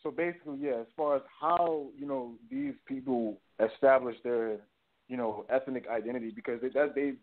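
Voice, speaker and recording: A man guest on a call-in interview, explaining haltingly with many fillers. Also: mid-range voice. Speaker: guest, former movement member. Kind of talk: call-in talk show interview. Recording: tinny phone-line call-in audio.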